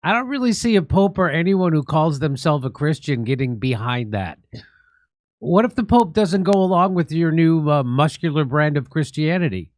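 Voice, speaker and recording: A man's voice: on the high side, expressive, moderate pace, darkish tone, dry recording. A man hosting a comedy talk show, laughing often and stumbling over his words. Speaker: host.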